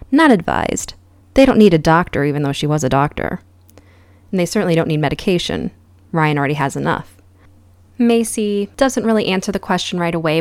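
A woman's voice: on the low side, darkish tone, clean tone, no echo. A woman hosting a podcast, recapping a reality show in a casual, sarcastic and profane way. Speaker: podcast host.

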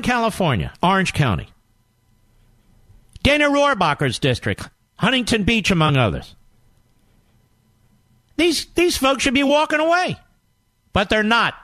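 On his political talk radio show, a man with a high, fairly bright voice delivers a combative, rallying monologue. He hammers home emphatic rhetorical questions, and there's no echo on the recording.

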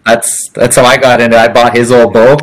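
A man's voice: medium pitch, little pitch movement, fairly quick, low-quality recording. A man hosting a casual chat, asking rambling, laid-back questions. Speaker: podcast host.

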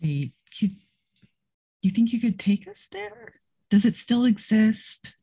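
Husky woman asking questions in a game. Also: fairly high pitch, huge pitch swings, slow pace, warm tone. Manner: inquisitive, many questions. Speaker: player. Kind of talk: tabletop role-play.

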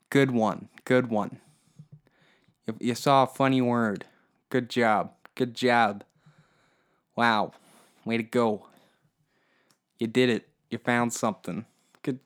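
A man's voice: mid-range voice, steady tone, slow, long pauses, smooth. A man riffs alone on his comedy podcast, swearing freely as he rambles. He mocks and sneers at whatever comes to mind. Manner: rambling, profane, mocking. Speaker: podcast host. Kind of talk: solo comedy podcast monologue.

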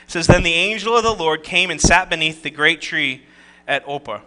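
A man's voice: a little high, a little fast, sharp tone, clear, resonant tone. A man preaching a conversational sermon, reading scripture and adding joking asides and rhetorical questions. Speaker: pastor.

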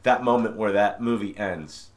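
A man's voice: fairly low pitch, moderate pace. A man hosting a casual podcast, opinionated and launching into geeky tirades. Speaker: podcast host. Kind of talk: casual chat.

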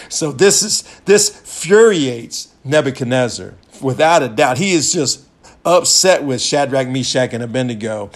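A man in his fifties delivers a folksy sermon in a gravelly voice of middle pitch. He retells a story, laughs often and grows loud when excited. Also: a little slow. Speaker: preacher.

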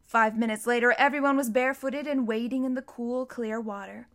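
A woman narrating a children's storybook in a clear, even, unhurried manner. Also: a little high. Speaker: audiobook reader.

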